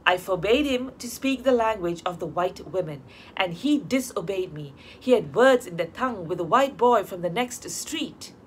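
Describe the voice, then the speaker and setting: A woman's voice: mid-range voice, animated, normal speed, slight background noise, close to an everyday voice. A woman voicing a stern traditional mother.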